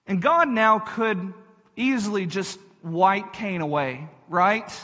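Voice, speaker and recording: A man pastor preaching an earnest sermon in a high, bright voice, repeating phrases for emphasis and turning to speak directly to his listeners. His words ring out in a church hall with a long reverb. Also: animated, takes it slowly.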